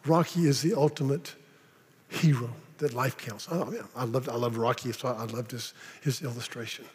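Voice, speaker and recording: A man preaching a sermon, often repeating words and slowing down dramatically on key phrases. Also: medium pitch, steady tone, a little mellow. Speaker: pastor. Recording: long reverb of a large hall.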